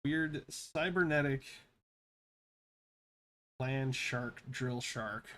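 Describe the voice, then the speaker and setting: Speaking very slowly in a medium-pitched, fairly bright voice, a pixel artist and vlogger in his thirties chats casually over his pixel art. He rambles, swears freely, and laughs at his own tales, with slight background noise behind him.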